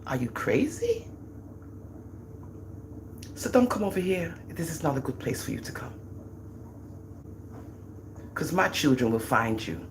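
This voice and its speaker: A middle-aged Jamaican-accented woman hosts a livestream, chatting casually with an animated, teasing energy and bragging about her children. Her voice is low and a little slow, with frequent pauses and a faint hiss or hum in the recording.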